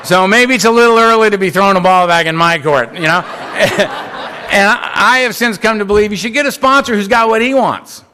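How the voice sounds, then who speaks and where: A man's voice: high voice, brisk, a little hiss or hum. A man telling a humorous, self-mocking personal testimony at a conference podium. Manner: animated, self-mocking storytelling. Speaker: recovery speaker.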